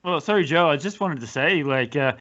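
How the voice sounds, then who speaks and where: A man's voice: fairly high pitch, lively intonation, brisk, sharp tone, highs cut off. A man hosting a podcast interview, politely cutting in to add a point. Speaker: podcast host. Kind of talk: casual interview chat.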